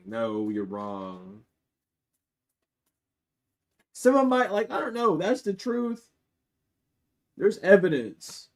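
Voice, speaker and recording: A man giving a live-streamed tarot reading to his viewers. He is blunt and profane, and he swings between loud outbursts and low muttering asides. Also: expressive, unhurried, long pauses. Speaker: tarot reader.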